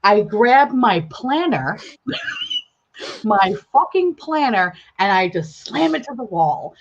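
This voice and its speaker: High, animated woman on dull lo-fi audio. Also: takes it slowly, slight background noise. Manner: animated storyteller, dramatic, swears freely. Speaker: guest. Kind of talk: casual live-stream chat.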